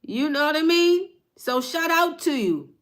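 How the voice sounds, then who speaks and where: A woman's voice: sits high, animated, a little slow. A woman giving a passionate, fired-up spiritual card reading on her phone from her table at home, repeating lines for emphasis. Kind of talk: live-streamed motivational reading.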